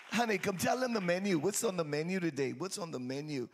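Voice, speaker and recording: Exuberant pastor with a church crowd. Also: male voice, high-pitched, quick pace, few pauses, a little hiss or hum. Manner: exuberant, teasing, sing-song, calls out to the crowd. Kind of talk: lively church sermon with congregation call-and-response. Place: church sanctuary with congregation. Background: faint crowd of churchgoers.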